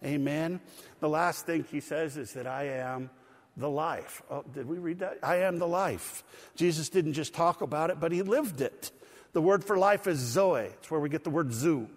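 A middle-aged male pastor preaching a conversational, animated sermon with light humor and asides. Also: on the high side, normal speed, in a large hall. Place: church.

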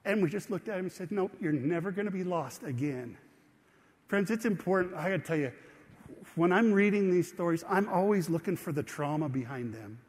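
A middle-aged pastor delivers a sermon in an easy, storytelling way, often turning to his listeners with questions. His voice sits somewhat high for a man. The sound rings with the long reverb of a church hall. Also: expressive, a little fast, slightly rough. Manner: conversational storytelling preacher, asks the congregation questions. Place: church sanctuary.

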